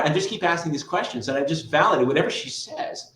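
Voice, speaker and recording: A middle-aged man, a guest tutor and author, telling stories in a lively conversational interview and often adding "right?". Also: a little high, fairly quick, few pauses, reverberant, rough recording. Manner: lively, storytelling, frequent "right?" asides.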